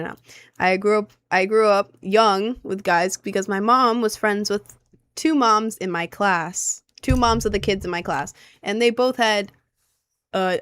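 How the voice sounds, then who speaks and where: A woman's voice: mid-range voice, smooth. A young woman in her twenties chats casually with her viewers. She rambles and hesitates, packing her talk with filler words. The sound is dry and close, with no room echo. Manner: rambling, filler-heavy, self-conscious. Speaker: streamer answering chat. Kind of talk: casual chat.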